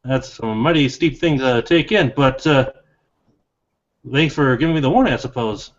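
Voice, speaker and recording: A man's voice: mid-range voice, moderate pace, lightly acted. A man voicing a hesitant, folksy male explorer lost in the desert. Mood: bemused. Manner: hesitant, drawling, full of uh. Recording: dull lo-fi recording.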